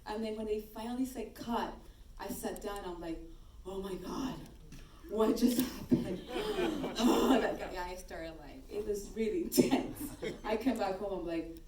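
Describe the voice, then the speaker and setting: A woman, an actress on a festival panel, telling a story in an animated, lively way. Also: mid-range voice, normal speed, over a noisy crowd. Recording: echoey hall, distant mic, background noise.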